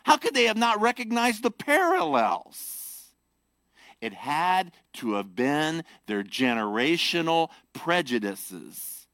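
A man preaching a sermon, animated and emphatic as he explains scripture to his congregation. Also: high-pitched, no echo. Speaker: pastor.

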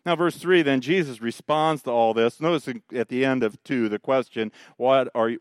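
A male pastor, preaching a sermon in an animated, joking way. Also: medium pitch, a little fast, clear, resonant tone, no room sound, studio quality. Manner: animated, joking storyteller who mocks the Pharisees.

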